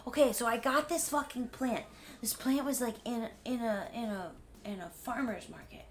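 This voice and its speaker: A man's voice: very high-pitched, moderate pace, a little hiss or hum. A tipsy woman voicing a nervous young male shop clerk who rambles and halts as he tells a story. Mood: eager.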